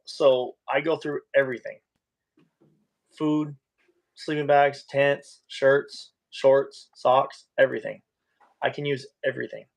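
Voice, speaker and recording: A man who is a live streamer, rambling in a casual interview and getting animated when excited. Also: mid-range voice, slow, creaky.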